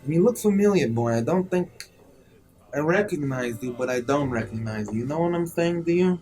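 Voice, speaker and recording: A man voicing a menacing older male mob boss in a tabletop game, slow and threatening. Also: a little high, expressive, darkish tone, soft background music, pitched above the performer's own voice, close to an everyday voice.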